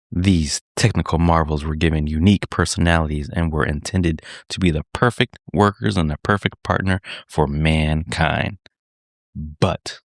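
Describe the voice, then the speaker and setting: A man hosts a gaming podcast, his voice sitting very low. He laughs easily and sometimes slows into a deliberate storytelling delivery. The sound is close and dry, with no room echo. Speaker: podcast host. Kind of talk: casual podcast chat with dramatic read-aloud.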